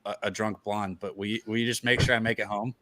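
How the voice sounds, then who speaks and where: A man's voice: lowish voice, steady tone, quick pace, crowd noise. A man co-hosting a casual sports podcast, joking and rambling, often stumbling over his words. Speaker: podcast co-host.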